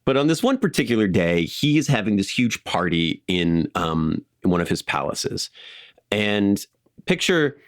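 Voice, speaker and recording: Low-voiced man telling history stories. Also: measured pace, dry recording, clean studio sound. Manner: animated storyteller with frequent fillers. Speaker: podcast co-host. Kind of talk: casual history storytelling.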